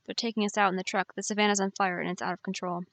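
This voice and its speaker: A woman's voice: mid-range voice, level tone, rapid-fire, creaky, fairly bright tone, dry recording. A woman reading an intense young cowboy, protective and urgent. His lines come with firm emphasis, and the sound is dry and close with no room around it.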